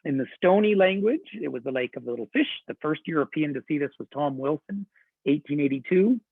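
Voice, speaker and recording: A man's voice: on the high side, animated, a little fast, breathy edge, no echo. A man working as a tour director, giving an enthusiastic, chatty webinar presentation. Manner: chatty, enthusiastic storytelling with laughs. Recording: tinny phone-like line, dry.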